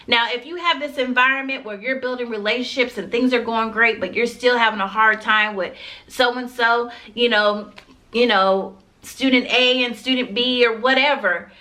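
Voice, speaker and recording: A woman in her thirties talks straight to camera about teaching, her voice bright and fairly high. She presses her points hard and repeats phrases to drive them home. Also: steady tone, moderate pace. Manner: emphatic, repeats phrases for stress. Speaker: teacher vlogger. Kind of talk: earnest classroom advice vlog.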